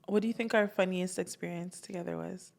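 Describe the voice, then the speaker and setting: A woman's voice: on the low side, a little fast, vocal fry. A young woman co-hosting a podcast, talking casually and easily, often laughing and chiming in. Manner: relaxed, laughs and chimes in. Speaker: podcast co-host. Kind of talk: casual chat. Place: indoors, podcast recording.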